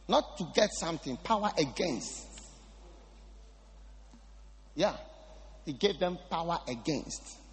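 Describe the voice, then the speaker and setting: A man's voice: a little high, a bit bright, long reverb tail. A man preaching a sermon, emphatic and repeating his phrases for stress.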